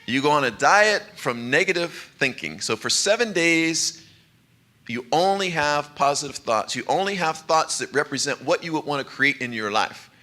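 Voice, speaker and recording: A man's voice: a little high, animated, moderate pace, pushed and bright. A man giving a sermon as a minister, in a conversational, light way, laughing often. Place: church sanctuary.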